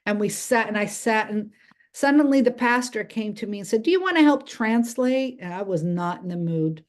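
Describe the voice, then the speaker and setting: A woman with as her telling a faith story in English, halting and restarting as she acts out the voices of others. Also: medium pitch. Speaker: speaker sharing a testimony. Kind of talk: spoken testimony.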